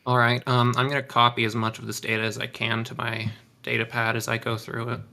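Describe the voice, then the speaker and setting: A man playing in a tabletop role-playing game, speaking in a dry, low-key way. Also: monotone, a little fast, vocal fry, bright, forceful tone. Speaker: player. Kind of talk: casual tabletop game talk.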